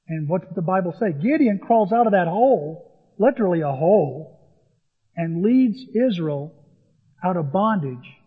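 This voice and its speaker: A man's voice: high voice, expressive, a little slow, husky. Male preacher, storytelling sermon delivery; dull, lo-fi sound. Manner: storytelling, conversational, acts out scenes. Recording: long hall reverb, dull lo-fi.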